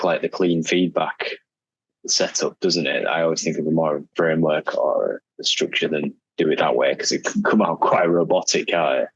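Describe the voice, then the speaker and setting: A man's voice: low voice, slightly rough, dry recording, highs cut off. A man co-hosting a casual coaching discussion. He thinks aloud reflectively and often checks for agreement with tag questions. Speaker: agile coach, podcast co-host.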